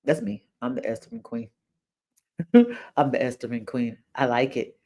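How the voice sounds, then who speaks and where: A woman's voice: extremely low pitch, expressive, moderate pace, mellow. An older woman from New York with a New York accent, hosting her own podcast in a chatty, unscripted monologue, repeating phrases and breaking into exclamations. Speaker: podcast host. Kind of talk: casual monologue.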